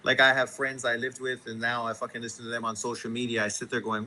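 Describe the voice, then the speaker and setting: Profane ranting man with a bright voice. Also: mid-range voice, steady tone, fast talker, hardly any pauses, a little hiss or hum, low-quality recording. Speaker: boxing show host. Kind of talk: casual live-stream rant.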